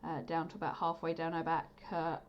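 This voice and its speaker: A woman's voice: deep voice, monotone, fairly quick. A woman narrating as the game master of a tabletop game, chatty and hesitant, full of ums and uhs. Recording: dull lo-fi mic with faint noise.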